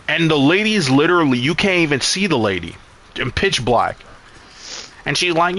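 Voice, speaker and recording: A man's voice: fairly high pitch, sing-song, moderate pace, pushed and bright. A man casually recapping a film while streaming a game, rambling, swearing and exasperated.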